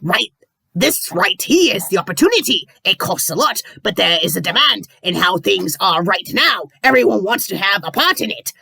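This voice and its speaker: A woman voicing a greedy, gruff male crab boss in a pirate-like voice. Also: mid-range voice, expressive, moderate pace, bright, forceful tone, dry recording, studio quality, full character voice. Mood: scheming. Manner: pirate-like growl, pushy.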